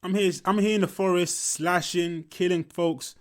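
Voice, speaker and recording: A man's voice: high-pitched, fairly even intonation, normal speed. A young man, telling a school story casually while commenting on a film, swearing often and repeating himself. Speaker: movie reaction commentator.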